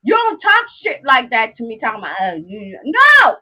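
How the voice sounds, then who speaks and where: A woman's voice: a little high, wildly swooping pitch, moderate pace, bright, forceful tone, rough recording. A woman hosting her own live stream, talking casually to viewers and ranting heatedly at one of them, swearing a lot and repeating herself for emphasis.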